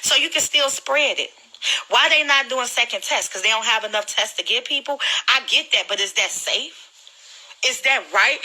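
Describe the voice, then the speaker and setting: This livestreamer's voice sits a little high, very bright and cutting, as she tells her phone camera about her illness. Fighting tears, she pleads earnestly and speaks with a close, personal directness, like she's among friends. It's a low-quality recording.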